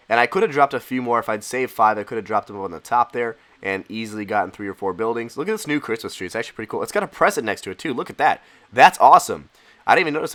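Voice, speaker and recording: A congested young man with a cold, casually commenting on his own gameplay as a channel host. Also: on the low side. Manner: excitable, casual.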